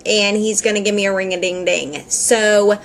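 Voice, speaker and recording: A woman's voice: mid-range voice, steady tone, normal speed, a little hiss or hum. A woman vlogging in a chatty, rambling way, laughing often and filling her speech with "like" as she tells a story. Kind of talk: casual storytelling vlog.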